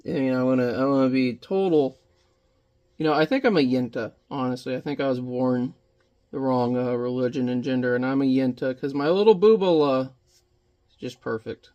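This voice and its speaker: A man's voice: medium pitch, normal speed, dark tone, muffled recording. A man in his thirties rambling and joking with mild swearing as he chats casually while painting at home. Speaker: painting vlogger.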